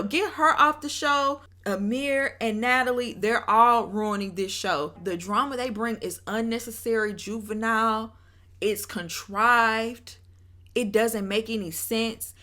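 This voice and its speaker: A young woman hosting her own channel, giving an opinionated, animated review of a reality show and talking straight to her viewers. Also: on the high side. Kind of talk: casual commentary rant.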